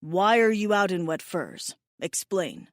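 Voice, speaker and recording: A woman's voice: lowish voice, expressive, a little slow, no room sound. A big blue alien warrior, stern and protective, as a woman narrator puts him on. He speaks in clipped, formal sentences with no contractions, in a slightly altered timbre of the audiobook voice. The recording is dry and close. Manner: terse, formal speech without contractions.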